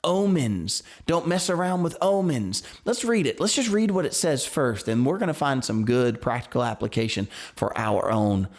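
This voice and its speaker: An earnest man with a light Southern US country accent, teaching scripture as a pastor. His voice sits in a middle pitch, and he presses his points with emphatic bursts. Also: expressive, moderate pace, few pauses. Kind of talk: bible study teaching.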